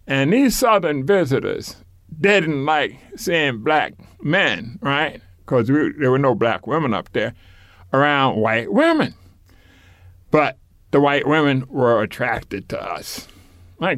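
A man's voice: a little high, a bit bright, no room sound, clean studio sound. An older man being interviewed for an oral history, reminiscing in a rambling way with repeated words and occasional chuckles.

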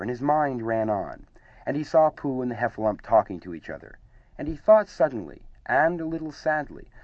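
A man reading a children's storybook aloud as narrator, in an animated, expressive way. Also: fairly low pitch, dry recording, highs cut off.

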